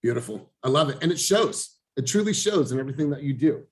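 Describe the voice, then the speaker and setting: Male coaching host on a video call, intense and emphatic, mid-pitched. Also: animated, fast. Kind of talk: motivational group coaching call.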